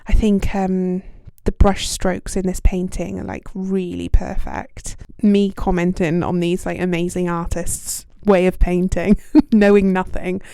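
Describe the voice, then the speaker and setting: A woman's voice: on the low side, little pitch movement, a little slow, creaky, hardly any pauses, warm tone, clean tone, no room sound. A young British woman hosting a podcast, talking in a casual, self-deprecating way with plenty of ums and likes. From United Kingdom. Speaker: podcast host. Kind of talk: casual reflective monologue.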